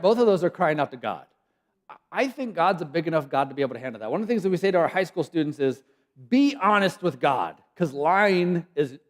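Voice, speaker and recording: Animated male preacher in a reverberant church. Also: fairly high pitch. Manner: animated, acts out voices of God and people, drops to whispers. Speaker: guest preacher. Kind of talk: sermon. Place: church sanctuary.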